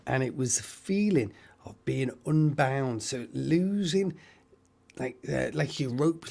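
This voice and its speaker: A man's voice: mid-range voice, darkish tone. A man hosting a live stream, giving rambling psychic readings and addressing viewers by name.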